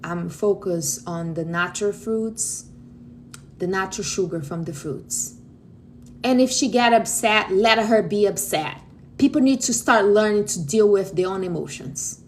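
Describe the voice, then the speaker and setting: A woman's voice: medium pitch, a little slow, slight background noise. Blunt Brazilian woman giving advice. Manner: blunt, outspoken, calls listeners honey. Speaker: livestream host. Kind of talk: casual direct advice to viewers.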